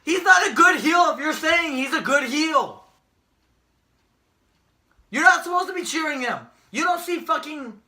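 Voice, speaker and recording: High-pitched ranting young man. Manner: ranting, profane, shouts when angry. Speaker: podcast co-host. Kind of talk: casual wrestling predictions chat.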